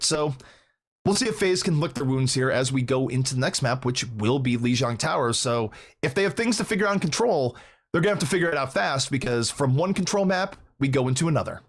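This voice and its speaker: A man from Minnesota casting an esports match, breaking down maps and results in a quick, analytical way. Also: medium pitch, expressive. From Minnesota, United States. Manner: fast analytical play-by-play breakdown. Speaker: esports caster. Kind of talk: esports commentary.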